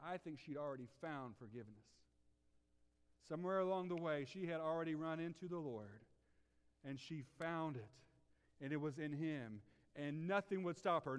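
A man preaching with fervor, his fairly high voice rising to loud peaks and dropping to near hushes. He throws rhetorical questions at the congregation. The sound rings with the long reverb of a big hall. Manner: impassioned, swinging from loud to hushed. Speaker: pastor. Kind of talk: sermon.

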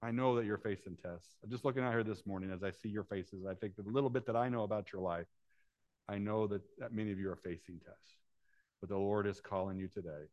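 A man preaching a sermon as pastor, rising to loud animated storytelling and dropping to soft hushed appeals. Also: fairly low pitch, fast, dry recording, dull audio.

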